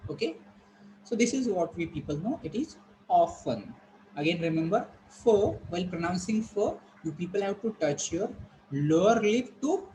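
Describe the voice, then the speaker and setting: A man runs a pronunciation lesson for his students online. His voice sits a little high, and he keeps repeating words and questions as he drills them. A faint hum stays behind him throughout. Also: darkish tone, poor audio. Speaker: English teacher.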